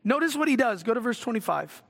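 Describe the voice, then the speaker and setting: A middle-aged man preaching a sermon in a church sanctuary, his high, bright voice trailing a long hall reverb. He is earnest, rising to loud exclamations and dropping to quiet reflection. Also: sing-song, fast talker, creaky. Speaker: pastor.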